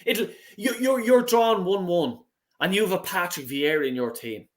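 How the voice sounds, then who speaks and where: A middle-aged man with an Irish accent and a notably high voice, holding forth in a blunt, sweary, impassioned rant. He talks like a fan on a call-in show, thumping home every point. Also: moderate pace. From Ireland. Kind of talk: heated casual football chat.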